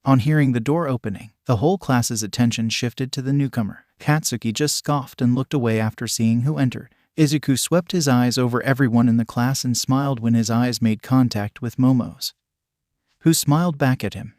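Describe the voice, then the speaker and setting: A man reading fanfiction aloud as scripted narration in a matter-of-fact, even way. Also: medium pitch, a little fast, no echo, studio quality. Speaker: fanfiction reader.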